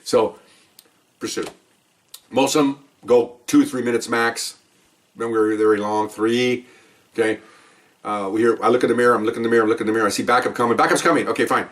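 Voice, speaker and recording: Fast-talking cop telling war stories. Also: male voice, medium pitch, fairly even intonation, fairly bright tone, recorded from a distance. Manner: emphatic, keeps adding "okay?". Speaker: police officer telling stories. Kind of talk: casual storytelling monologue.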